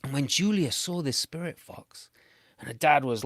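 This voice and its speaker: British man, storyteller, playful and animated, children's tale, mid-pitched voice, dry close sound. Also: moderate pace, no echo. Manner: playful, animated, with big swings in pitch and loudness.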